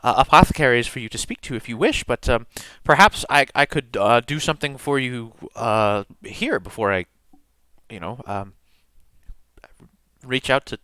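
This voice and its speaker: A jittery young elf student mans the front desk, tripping over his words in his rush to be helpful, as a man puts him on. The voice is bright and clear, and sounds dry and close. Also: medium pitch, normal speed, dry recording, close to an everyday voice. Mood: flustered. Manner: flustered, stammering, eager to please. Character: nervous young male elf student clerk.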